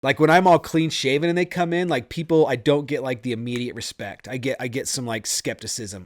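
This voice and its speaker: A man hosting a casual podcast, telling stories in an animated way and laughing often. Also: mid-range voice, fairly quick, few pauses, dry recording, studio quality. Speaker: podcast host and home inspector.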